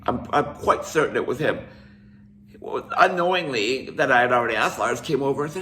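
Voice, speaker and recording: A man's voice: mid-range voice, animated, normal speed, pushed and bright, a little hiss or hum. An older man from Canada, casually telling a rambling story with restarts and asides. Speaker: musician telling a tour story.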